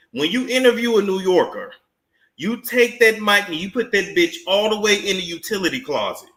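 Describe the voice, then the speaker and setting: A man's voice: sits high, bright, forceful tone. Sassy man in an echoey room. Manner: sassy, mocking, drawling asides. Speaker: commentary channel host. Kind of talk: celebrity gossip commentary.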